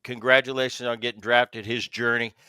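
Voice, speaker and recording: Bright-voiced man telling stories. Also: medium pitch, flat delivery, clean tone, no echo. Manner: storytelling, halting restarts. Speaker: podcast host. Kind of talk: casual podcast conversation.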